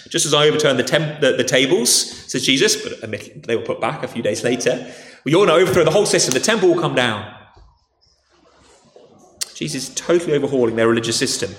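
A man's voice: fairly high pitch, fairly bright tone. A man with a posh English accent preaching a sermon in a conversational way, often restarting and saying "okay". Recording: echoey hall.

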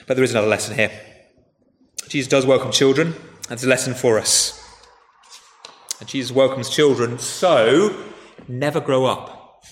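A man is preaching in a church, telling the story with lively shifts and casual restarts. His voice sits at an ordinary pitch. The reverb of the hall lingers around every phrase. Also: normal speed, pauses often. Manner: conversational, animated retelling with frequent restarts. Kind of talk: sermon. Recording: echoey church hall with faint noise.

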